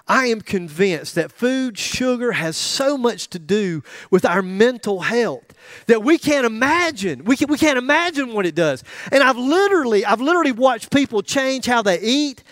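A man's voice: very high voice, lively intonation, normal speed, fairly bright tone, no echo, clean studio sound. A middle-aged man preaching a sermon in a joking, conversational way, with asides to the congregation. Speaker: pastor.

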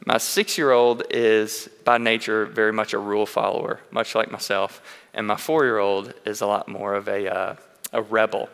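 A man's voice: on the low side, level tone, normal speed, fairly bright tone, clear, resonant tone. A man preaching a sermon in a church, telling candid personal stories in an earnest way and often restarting his sentences. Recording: long reverb of a large hall.

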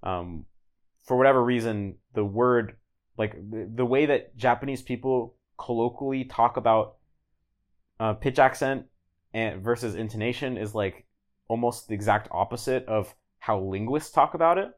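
A man's voice: mid-range voice, normal speed. A man talking casually as a podcast guest, explaining at length with lots of fillers and restarts. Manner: relaxed, rambling, many "like"s and restarts. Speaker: guest, language learner.

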